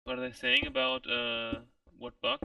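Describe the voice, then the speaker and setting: A man chatting casually while playing a game, making quick, joking remarks. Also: very high voice, huge pitch swings, creaky, pushed and bright, clear, resonant tone, no room sound, distant mic, poor audio. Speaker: game player. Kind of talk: casual gameplay chat.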